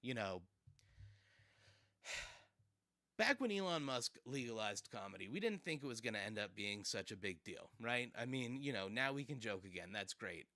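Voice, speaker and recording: A man's voice: on the low side, big pitch swings, normal speed, pauses often, bright, forceful tone, dry recording, studio quality. A man hosting casual commentary, sarcastic and rambling with fillers and laughs. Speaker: streamer host.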